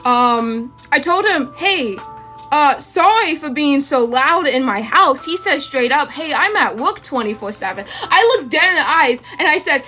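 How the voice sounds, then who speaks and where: Chatty young woman drawing on stream, tells stories fast and animated, bit of a high voice, soft lofi beat in the back. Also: poor audio. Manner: rambling, chatty, animated storytelling with quoted voices. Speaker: art streamer. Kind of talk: casual storytelling while drawing. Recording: faint lofi music behind. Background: faint lofi music.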